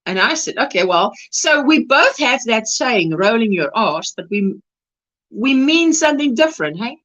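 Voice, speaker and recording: A woman's voice: fairly high pitch, big pitch swings, normal speed, a bit bright, dull audio. A South African woman hosting a casual crochet livestream, chatting and laughing as she reads out viewer comments.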